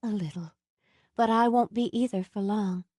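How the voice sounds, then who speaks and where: Audiobook heroine: a woman playing a young woman in love, soft, breathy, close and dry. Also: medium pitch, normal speed, no echo, lightly acted. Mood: tender.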